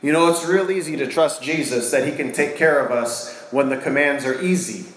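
Pastor preaching in an echoey church. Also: male voice, on the high side, normal speed. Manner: asks the congregation questions, swings between loud and hushed. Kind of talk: sermon. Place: church hall with a congregation.

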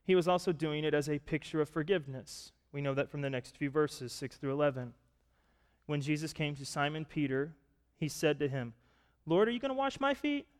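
A man preaching a sermon, retelling a story and asking listeners to picture it, rising to loud, emphatic points. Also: on the high side, steady tone, brisk. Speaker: pastor. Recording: long reverb of a large hall.

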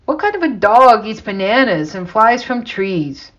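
Fretful middle-aged husband, read by a woman, slow and a touch high; lo-fi recording. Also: sing-song, fairly bright tone, heavily acted. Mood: amused. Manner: fretful inner monologue. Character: nervous middle-aged husband, later amused.

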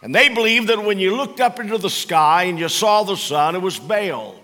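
A man's voice: high-pitched, animated, normal speed, pushed and bright. A man preaching a sermon, telling a story with humorous asides. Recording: long reverb of a large hall.

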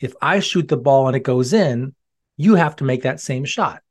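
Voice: medium pitch, animated, normal speed, slightly rough. A reader voicing a patient, friendly young boy with an encouraging, cheerful manner in a storybook read-aloud.

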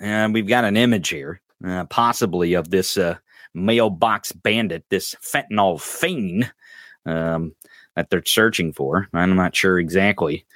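A man's voice: low voice, measured pace, a bit bright, no echo, studio quality. A man hosting a podcast, ranting in mocking, profane political commentary and calling out a listener in the chat. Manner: mocking, profane, addresses a chatter directly. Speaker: podcast host.

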